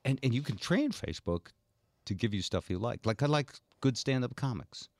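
A man hosting a radio talk show, telling stories in an animated, rambling way. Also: medium pitch, normal speed, dry recording. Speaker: radio host.

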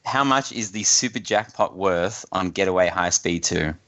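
A man's voice: low-pitched, moderate pace, pushed and bright. A man hosting a casual quiz on a podcast, often laughing as he reads the questions. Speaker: quiz host.

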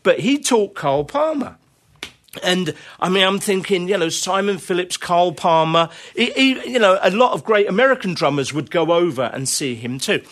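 A man's voice: sits high, expressive, normal speed, fairly bright tone. Chatty man spinning rambling anecdotes. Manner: rambling anecdotes with many fillers and laughter. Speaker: interview guest, drummer. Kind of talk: casual conversational storytelling.

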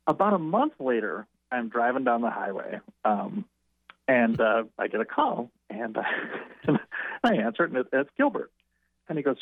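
A man who is a writer and interview guest, telling an anecdote in a rambling, halting way with frequent restarts. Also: mid-range voice, very animated, creaky, no echo. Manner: halting, self-correcting. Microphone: telephone. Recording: tinny phone line.

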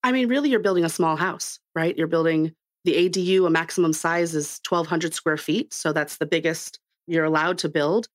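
A woman's voice: low-pitched, moderate pace, few pauses. A woman guest on a podcast, chatting casually and laughing easily, playful in her answers. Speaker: podcast guest, construction client director.

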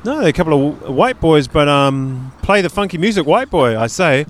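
A man's voice: on the high side, big pitch swings, moderate pace. A man co-hosting a podcast outdoors on a city street, rambling casually with lots of fillers. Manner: rambling, chatty, many fillers. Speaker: podcast co-host. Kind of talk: casual chat.

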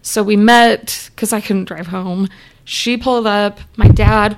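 A woman's voice: mid-range voice, steady tone, unhurried, clean tone, soft background music. A young adult woman, an interview guest, telling a personal story in a candid, chatty way and acting out remembered dialogue.

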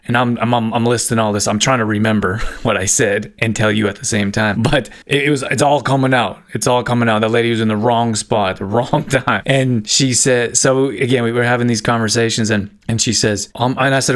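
A man in his forties, a fitness coach, telling a story to camera in a rambling, self-correcting way, with quick laughs. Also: medium pitch, steady tone, a bit bright. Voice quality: gravelly. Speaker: fitness coach and health business owner.

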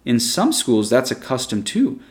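A man's voice: mid-range voice, wildly swooping pitch, measured pace, darkish tone. A man voicing a sweet coaxing schoolteacher woman. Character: gentle persuasive female schoolteacher, sweet and calm. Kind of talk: storybook reading.

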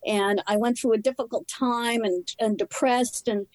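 A woman speaks candidly about her own past with a guest's earnest openness. Her voice sits on the higher side, and the phrases come short and halting. The sound is close and dry, with no room around it. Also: steady tone, a little mellow, no room sound, rough recording. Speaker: interview guest. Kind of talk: personal recovery story in conversation.

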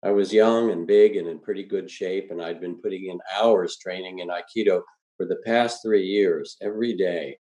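A man reading a first-person story aloud in a calm, measured way. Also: low voice, poor audio.

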